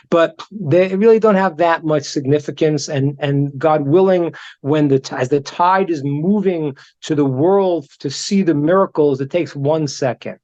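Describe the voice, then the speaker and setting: A man, a rabbi teaching a class, telling stories in an animated way and often repeating words as he restarts. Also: high-pitched. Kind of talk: storytelling lesson. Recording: dull lo-fi recording.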